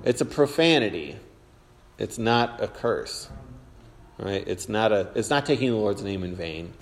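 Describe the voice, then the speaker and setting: A man's voice: on the low side, big pitch swings, a little slow. A man leading an informal Bible class, chatty and rambling with lots of fillers. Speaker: church teacher. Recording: reverberant hall.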